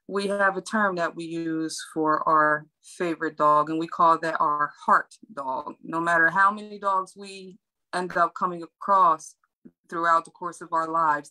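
A woman's voice: fairly low pitch, sharp tone, rough recording. A woman who trains and grooms dogs, telling her story in a friendly, chatty interview. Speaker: dog trainer and groomer, guest. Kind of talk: casual interview chat.

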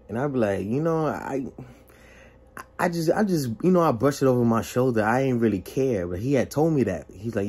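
A young man tells a story from his own life in a casual, animated way, and his pitch leaps around as he acts out what people said. His voice is a little husky, with a soft breathiness to it. He keeps slipping into quoted dialogue, full of exclamations. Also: moderate pace. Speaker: vlogger telling a personal story.

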